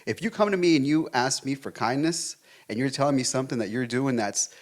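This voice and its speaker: A man co-hosting a relationship podcast, debating his partner in a fast, emphatic way and swearing freely. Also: mid-range voice. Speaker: podcast co-host.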